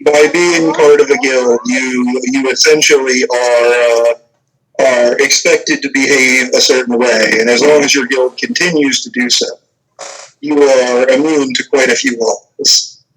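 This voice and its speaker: A man's voice: mid-range voice, little pitch movement, a little slow, fairly bright tone, a little hiss or hum, poor audio. A young man narrating a tabletop game as game master, casual and hesitant, full of fillers.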